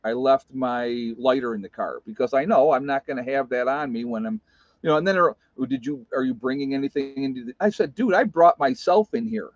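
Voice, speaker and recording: A man's voice: medium pitch, a little fast, dry recording. A man in his fifties telling a personal story in a rambling, casual way, full of "you know" and restarts. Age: 50s. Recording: dry, slightly dull sound.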